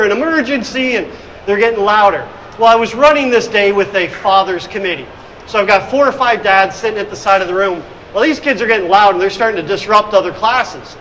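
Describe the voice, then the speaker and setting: A man's voice: high-pitched, a bit bright, slight background noise, rough recording. A middle-aged man giving a conference presentation on hospitality leadership, telling stories with energy and acting out scenes. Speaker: hospitality consultant and speaker. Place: conference room.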